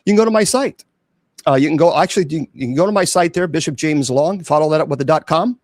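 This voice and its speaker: A man's voice: a little high, quick pace, a little mellow, no room sound, studio quality. A man who is a clergyman hosting his own show, talking casually and defiantly to viewers about online trolls. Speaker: host and clergyman. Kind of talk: casual livestream talk.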